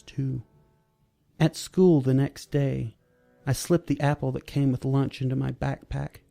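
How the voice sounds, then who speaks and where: A man reads a story aloud in a measured, steady way. His voice is gravelly and dark at a middle pitch. Soft music plays under the narration. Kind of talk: storybook reading.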